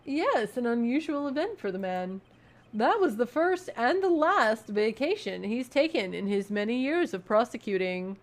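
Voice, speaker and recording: A woman's voice: on the high side, big pitch swings, moderate pace. A woman voicing an older male lawyer from a game, explaining things in a storytelling way. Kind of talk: reading game dialogue aloud.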